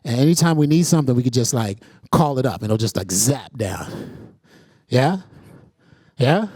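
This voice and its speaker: A man's voice: medium pitch, expressive, normal speed, a little mellow, breathy edge, dry recording, studio quality. A man facilitating an interactive workshop, energetically calling on the audience and checking in with "right?" as he goes.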